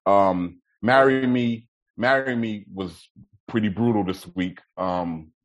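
A man's voice: on the low side, slow pace, low-quality recording. A man hosting a casual chat, talking loosely in slang and laughing often. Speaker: podcast host.

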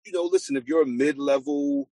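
A man co-hosting a podcast in casual, profane chat, animated and quick to jump into high mocking voices. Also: no room sound. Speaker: podcast co-host.

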